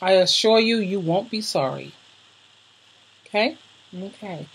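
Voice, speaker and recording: Here a woman vlogger, animated and medium-pitched, talks at a measured pace about videos she thinks her viewers should watch. The talk is casual, emotional and gushing, with slangy stress and "darling" thrown in. The audio is poor and slightly rough.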